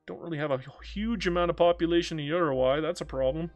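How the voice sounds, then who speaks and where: A man streaming a strategy game, chatting casually with viewers and joking to himself, swinging between loud outbursts and low mutters. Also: fast talker, few pauses, highs cut off, soft background music. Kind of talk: casual live-stream commentary.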